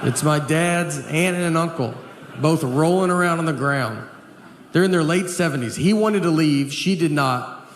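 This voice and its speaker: A man doing a stand-up comedy set, telling rambling stories in a deadpan, understated way, full of fillers. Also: a little high, moderate pace. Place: large theater stage with a live audience. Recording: reverberant hall with audience noise.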